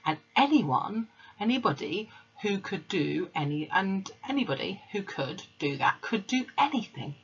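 Husky woman reading a children's book aloud. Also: mid-range voice, very animated, measured pace. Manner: casual, with fillers and corrected slips. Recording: dull lo-fi recording.

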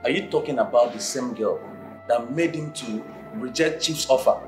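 A man's voice: medium pitch, normal speed, natural voice. An actor playing a gossiping, incredulous male friend in a film drama, with a Nigerian accent and pidgin exclamations. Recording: echoey room, faint music.

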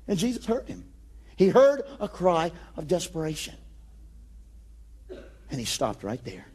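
A man preaching a sermon with rising passion, acting out Bible scenes and building to shouted declarations. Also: high voice, big pitch swings, measured pace, long pauses, noisy background. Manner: acts out Bible scenes in quoted voices.

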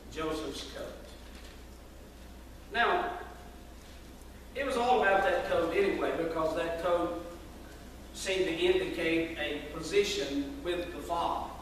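Very high-voiced preacher. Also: male voice, a bit bright, a little hiss or hum. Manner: folksy storytelling preacher. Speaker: pastor. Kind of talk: sermon. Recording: echoey hall from far off.

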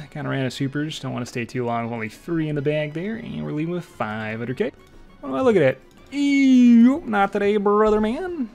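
A young man giving live gameplay commentary, excitable and trash-talking, swinging between low mutters and loud shouts. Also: gravelly. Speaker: streamer playing an online game.

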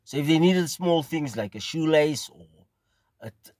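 South African man telling a relaxed story. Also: fairly high pitch, no room sound. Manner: rambling, unhurried, repeats phrases. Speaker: pipe smoking video host. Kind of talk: casual storytelling.

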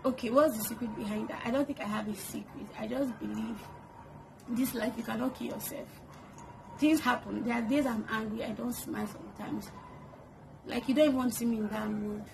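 A woman's voice: a little high, fairly even intonation, fairly quick, creaky. A woman chatting to camera at home, answering get-to-know-me questions and laughing often. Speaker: vlogger. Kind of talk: casual get-to-know-me chat. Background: kids making noise.

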